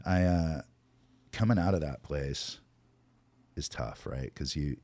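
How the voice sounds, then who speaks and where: A man as a podcast guest, telling his recovery story in a candid, self-deprecating, animated way. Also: very deep voice, takes it slowly.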